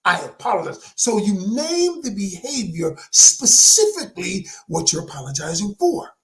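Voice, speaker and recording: Emphatic man coaching with lively pitch. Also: a little slow. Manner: emphatic, preacher-like delivery, often raising voice. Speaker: communication coach. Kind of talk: motivational teaching talk.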